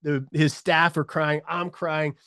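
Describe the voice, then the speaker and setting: Middle-aged male podcast guest, lively storyteller, slightly higher voice, dry close mic. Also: takes it slowly, clear, resonant tone, dry recording. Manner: animated storyteller, acts out quoted voices.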